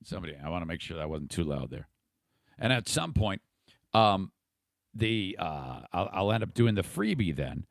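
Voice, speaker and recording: A man's voice: low voice, sing-song, normal speed, creaky, dry recording. A podcast host talking through a casual livestream monologue, rambling and irritable, swearing freely and restarting his sentences.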